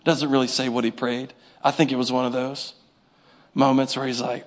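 A pastor delivers an animated sermon to his congregation in a medium-pitched voice at a moderate pace. He uses call-and-response and acts out little scenes along the way.

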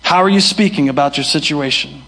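A man's voice: a little high, fairly quick, creaky, pushed and bright, husky. A young male pastor preaching a sermon, emphatic and repeating his key phrases. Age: young adult. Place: church hall.

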